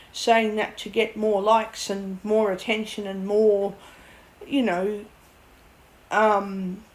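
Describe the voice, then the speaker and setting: A woman with a medium-pitched voice vents to the camera as a vlogger, recorded with poor audio. She rambles bluntly about a bad illness, swearing freely and laughing at her own ordeal in this personal vent.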